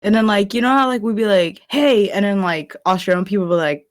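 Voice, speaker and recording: A woman's voice: medium pitch, quick pace, no echo, clean studio sound. Giggly young woman chatting on a podcast. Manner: animated, giggly, heavy use of "like". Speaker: podcast co-host. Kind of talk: casual chat.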